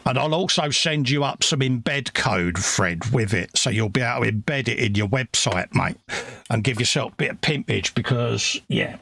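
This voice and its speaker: A man's voice: mid-range voice, animated, normal speed, gravelly, bright, forceful tone, a little hiss or hum. A man co-hosting a casual chat from his home workshop, bantering and rambling with plenty of slang. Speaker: co-host.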